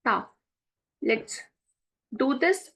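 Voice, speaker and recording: A woman's voice: high voice, animated, very slow, vocal fry, fairly bright tone, breathy edge, low-quality recording. A woman with an Indian English accent teaching a French lesson online, reading each French sentence and then explaining it step by step. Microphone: screen-share recording.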